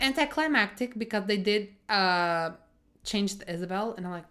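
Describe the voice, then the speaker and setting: A young woman recapping and reacting to a TV episode in a casual, animated way, swearing and acting out the scenes. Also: a little high, moderate pace. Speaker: show reviewer.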